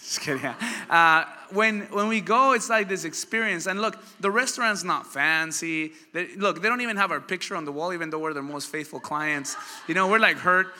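Male pastor, bright forceful voice, lively storytelling sermon with a long hall reverb. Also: high-pitched, normal speed. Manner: animated storytelling, asks the crowd questions. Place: church hall.

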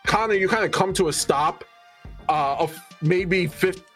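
A man narrating a tabletop game as game master, slow and descriptive. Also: high voice, a bit bright, faint music behind.

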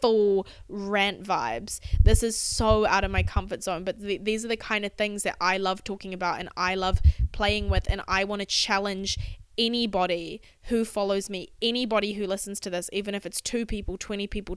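Woman on her podcast going off, fired up and swearing, smooth clear voice, super dry sound. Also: medium pitch, fairly even intonation, no echo. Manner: impassioned, swearing, fast spurts. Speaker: podcast host. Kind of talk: motivational solo podcast rant. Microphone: podcast microphone.

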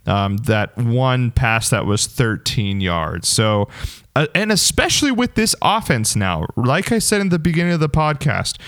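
A man's voice: mid-range voice, a bit bright, clear, resonant tone, dry recording. A man co-hosting a casual sports podcast, talking emphatically like a hype man. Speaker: podcast co-host.

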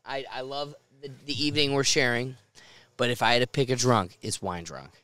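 A man hosting a relaxed beer-tasting podcast, rambling through long explanations and laughing often. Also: mid-range voice, brisk, clear, resonant tone, no room sound. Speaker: podcast host. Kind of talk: casual chat over beers.

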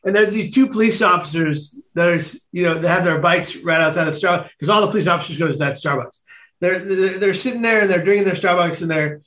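An emotional, excitable man from San Francisco tells his own story as a podcast guest, often repeating words as he acts out other people's voices. His voice sits high for a man. The room adds a clear, roomy echo. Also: fast. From San Francisco, United States. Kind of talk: personal storytelling in a podcast interview.

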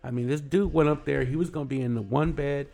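A middle-aged man, a guest on a morning show, telling a story in casual chat. He is animated, laughs often and acts out what people said. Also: mid-range voice, quick pace, gravelly.

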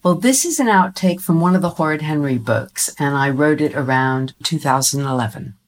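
A woman with a low voice chats as a guest in an interview. She is animated and laughs easily. She talks about her writing in a relaxed way. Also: normal speed. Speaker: children's author, interview guest. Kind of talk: casual interview chat.

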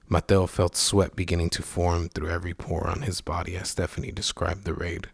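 Brief: male narrator, very low voice, measured and somber, dry close sound. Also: flat delivery, creaky, slightly rough, no echo. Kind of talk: scripted story narration.

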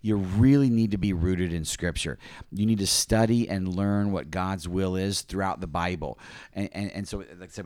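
Low-voiced man teaching casually. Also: dry recording. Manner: animated storyteller with many restarts. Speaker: church teacher and co-host.

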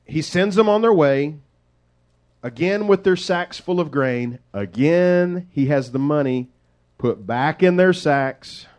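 Folksy preacher telling a story. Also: male voice, a little high, slow. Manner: lively, conversational, folksy asides. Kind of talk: sermon storytelling.

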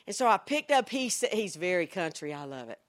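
A woman preacher from the Southern United States giving a sermon, swinging from hushed storytelling to shouted exclamations. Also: fairly low pitch, big pitch swings, fairly quick.

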